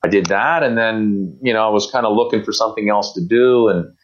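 Low-voiced man telling rambling stories. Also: brisk, highs cut off. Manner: rambling anecdotes with quoted voices, many fillers and restarts. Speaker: guest. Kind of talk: casual storytelling interview.

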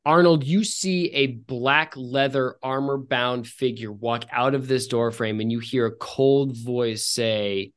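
Male game master, slow and halting narration, mid-range voice. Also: medium pitch, fairly even intonation, clear, resonant tone. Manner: drawn-out, halting narration, swearing when flustered. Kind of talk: narrating a tabletop game over a voice call.

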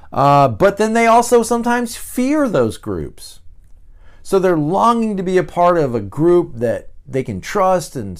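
A man who is a pastor, giving a casual, conversational teaching talk on his podcast with frequent restarts and asides. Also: fairly high pitch.

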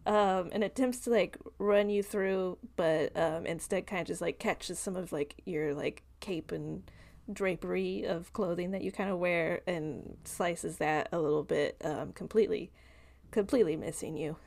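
A woman's voice: lowish voice, steady tone, a little slow, creaky. A woman narrating a tabletop game as game master, rambling with many fillers and laughing often.

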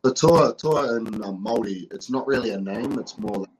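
Husky, low-voiced New man. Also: animated, fairly quick, low-quality recording. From New Zealand. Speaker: guest, professional wrestler. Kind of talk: casual interview talk.

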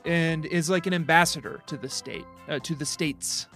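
A man's voice: on the high side, normal speed, hardly any pauses, fairly bright tone, faint music behind. A man co-hosting a podcast in casual chat, joking and rambling with plenty of ums and likes. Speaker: podcast co-host. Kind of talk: casual chat about a video game.

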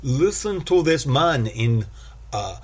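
A man putting on the voice of a foreign male listener who speaks slow, halting, broken English. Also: mid-range voice, very animated, voice pushed up. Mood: mocking.

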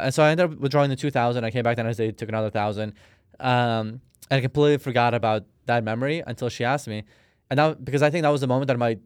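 Man, thirties, podcast guest, smooth clear voice, dry close sound, rambling casual storytelling. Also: medium pitch, no echo. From Russia. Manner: rambling storyteller, many fillers. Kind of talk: casual interview talk.

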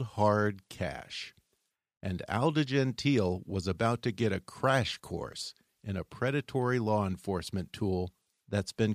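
A man hosting a podcast, reading scripted narration in a measured, dramatic way. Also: fairly low pitch, no echo, studio quality.

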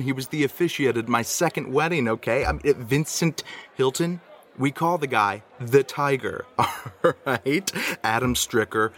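A man leaving a rambling, comedic voice message for a podcast, flustered and jumping into a higher voice when he gets worked up. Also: expressive, a little slow, fairly bright tone.

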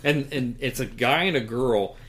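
A man's voice: medium pitch, moderate pace, fairly bright tone. A man co-hosting a podcast in casual chat, rambling with many fillers and chuckles. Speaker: podcast co-host.

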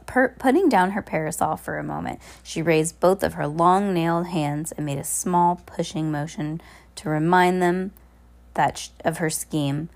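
A woman's voice: deep voice, gravelly. A woman reading a novel aloud, stumbling and correcting herself as she goes. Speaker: reader.

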